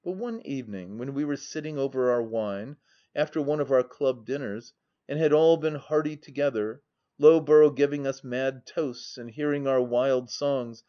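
A man narrating a classic novel as an audiobook, reading in a measured, even way. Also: medium pitch, dull audio.

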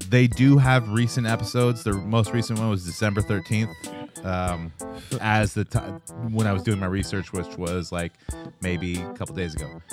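A man co-hosting a podcast in a casual chat, dry and offhand with hesitant fillers. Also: lowish voice. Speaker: podcast co-host.

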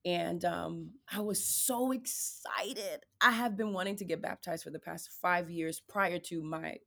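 A woman, a podcast guest giving candid, lively testimony about her faith and marriage, acting out the voices of the people in her story. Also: lowish voice, a little slow, vocal fry. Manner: animated storyteller, acts out quoted voices; addresses listeners as "y'all".

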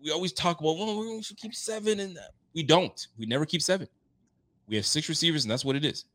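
A man hosting a casual sports podcast, animated and laughing, getting loud for emphasis. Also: a little high, quick pace. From Haitian roots. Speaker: podcast host.

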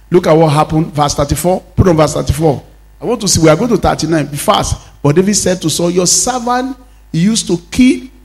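A pastor with a Nigerian accent preaches a sermon in a high, slightly mellow voice. He acts out the Bible dialogue as he narrates it and calls out to the congregation for responses.

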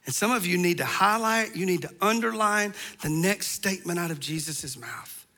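Male preacher, high-pitched and very bright, impassioned delivery. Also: expressive, moderate pace. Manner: impassioned, emphatic preaching, dropping to soft tones for stress. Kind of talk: sermon.

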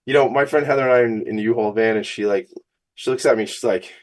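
A man's voice: mid-range voice, fast. A male radio show host, talking in a fired-up, joking, self-teasing way. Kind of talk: casual energetic monologue.

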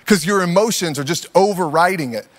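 A man in his thirties preaches with a fairly high voice, talking to the congregation as if chatting with friends. He tells stories with energy and slips into playful put-on voices. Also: a little fast, in a large hall. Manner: conversational, animated storytelling with playful put-on voices. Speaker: pastor. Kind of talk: sermon.

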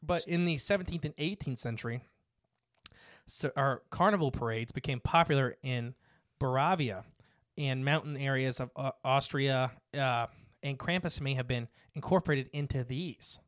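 A man's voice: medium pitch, normal speed, no echo, clean studio sound. A man hosting a casual podcast, reading from notes with frequent fillers and restarts. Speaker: podcast host.

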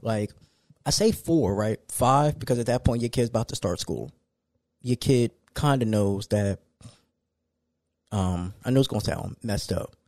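Dude talking solo on his podcast, kinda low voice, chill but gets worked up. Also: unhurried, long pauses, no room sound. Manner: casual, conversational, animated when ranting. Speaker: podcast host.

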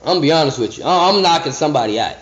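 A man with a fairly high voice teaches scripture in a loose, conversational way. He slows right down for each verse, then jumps back into restarts and asides. The recording is dull and echoey, as if made in a bare room. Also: lively intonation. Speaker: podcast Bible teacher.

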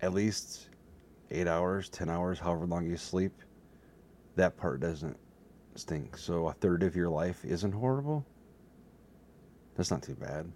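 A man talking alone to his webcam in a rambling, self-mocking way, with a slightly hoarse voice. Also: low-pitched, animated, slow, long pauses, darkish tone, a little hiss or hum. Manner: self-mocking, jokey, drifts between topics. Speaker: solo vlogger. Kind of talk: rambling casual monologue to camera. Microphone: desk setup facing a webcam.

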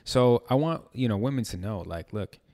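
A man talking in a casual chat, animated and joking, often laughing. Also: mid-range voice, normal speed.

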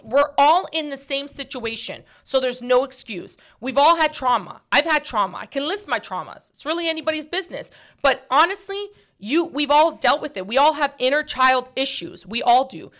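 A woman's voice: high-pitched, expressive, moderate pace, hardly any pauses, a bit bright. A woman hosting a casual opinion talk show, speaking emphatically and preachily with many fillers like "like" and "you know".

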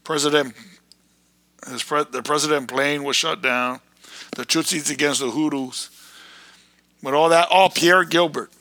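Fiery high-voiced ranting male preacher. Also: steady tone, a little slow, pauses often, no room sound. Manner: fiery, erratic, with sudden shouted bursts.

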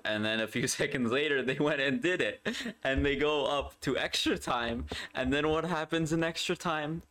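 A young man hosting a solo football podcast in casual talk, excitable and rambling, often repeating himself and laughing. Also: medium pitch.

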